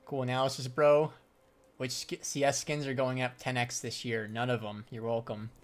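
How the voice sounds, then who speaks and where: A man's voice: medium pitch, little pitch movement, normal speed. A young adult man chatting casually on a livestream about trading and answering viewers. His talk is loose, slangy and profane, and he laughs often. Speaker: livestreamer and crypto trader.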